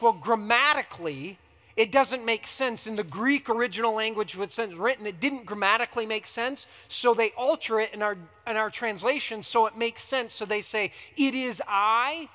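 A man preaching a sermon as pastor, swinging between hushed, quiet lines and emphatic, rising ones. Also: extremely high pitch, big-room sound.

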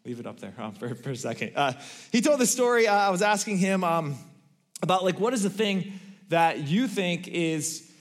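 A man's voice: high voice, big pitch swings, moderate pace. A man giving a sermon, telling a story in a conversational way with many fillers. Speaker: pastor.

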